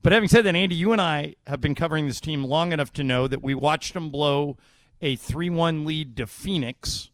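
A man's voice: fairly high pitch, normal speed, no room sound. A man co-hosting sports talk radio, arguing his view and building it up with statistics. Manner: argumentative, builds points with statistics. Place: radio studio.

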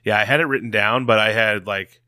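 A male podcast co-host from Iowa talks in a laid-back, jokey way. His low voice has a bright, forceful edge. It is recorded dry and close. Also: fairly quick, no room sound. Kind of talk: casual chat.

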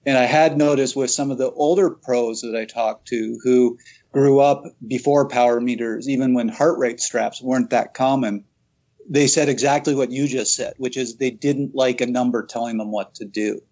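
A podcast host reflects on what he has heard from guests, speaking at a measured, even pace. His voice sits in a middle pitch and sounds plain and conversational. Now and then he stammers a little at the start of a sentence. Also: muffled recording. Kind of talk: casual interview talk.

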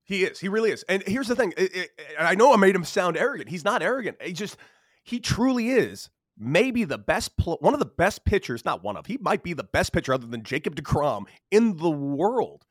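A man hosting a sports podcast, his voice sitting a little high and swinging widely as he tells stories. The sound is close and dry. He laughs mid-sentence and stumbles over repeated words. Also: brisk, dry recording. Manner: animated storyteller, laughs, repeats himself. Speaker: podcast host. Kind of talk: casual sports chat.

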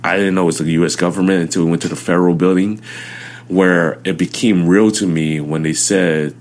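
A man in his twenties tells his own story as a guest in an interview. His voice sits very low. He is animated and acts out what others said to him. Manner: animated storytelling, acting out quotes loudly.

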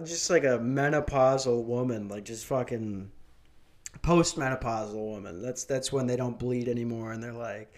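Laughing his way through stories, this young Minnesotan rambles and curses in a casual podcast conversation. He speaks in a mid-range voice at a moderate pace.

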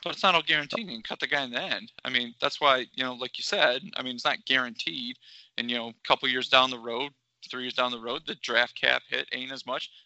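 A man co-hosting a sports talk show with a gravelly voice, bantering and teasing. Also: mid-range voice, fairly even intonation, pushed and bright, no room sound, rough recording. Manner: quick, joking, teasing banter. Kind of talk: casual sports radio chat.

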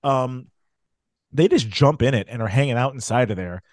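A man's voice: medium pitch, moderate pace, dry recording. A man in his thirties co-hosting a podcast, retelling a film in a casual, laughing way. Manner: laughs often, animated retelling. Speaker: podcast co-host. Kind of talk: casual chat recapping a film.

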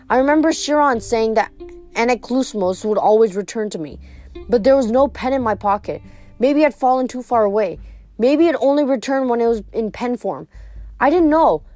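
A woman reading a novel aloud chapter by chapter, with small slips and restarts. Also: a little high. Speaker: reader of a novel.

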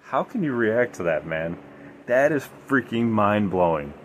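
A man's voice: on the low side, big pitch swings, unhurried, slight background noise. A man hosting a podcast, telling paranormal stories in a rambling, emphatic way with many fillers. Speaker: podcast host. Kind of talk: casual storytelling about the paranormal.

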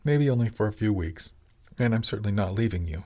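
A calm, faraway shaman husband who speaks in a quiet, simple, dreamy way, as a man reads him aloud in a storybook. His voice sits fairly low. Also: fairly quick.

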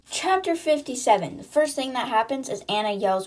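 A woman's voice: a little high, expressive, normal speed, hardly any pauses, a little mellow. A woman hosting a podcast, chattily retelling a novel's scenes in a casual book recap, quoting characters with "she's like". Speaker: podcast host.

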